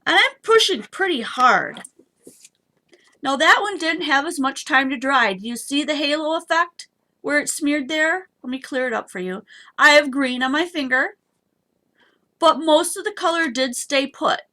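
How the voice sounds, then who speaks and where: A woman's voice: high-pitched, animated, a little slow, bright, forceful tone. A woman hosting a live papercraft stream, chatty and bubbly as she demonstrates and talks to her viewers. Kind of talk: casual craft demonstration.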